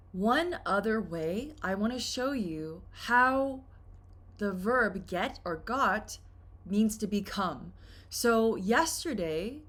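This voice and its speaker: A woman teaching English, explaining patiently with simple examples in a slow, careful lesson. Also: medium pitch, a bit bright.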